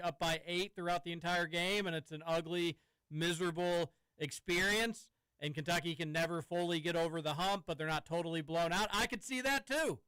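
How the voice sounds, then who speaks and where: A man's voice: a little high, pushed and bright, clear, resonant tone, no room sound, low-quality recording. A man hosting a sports talk radio show from a studio, talking casually and rambling with some stammering. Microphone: studio microphone.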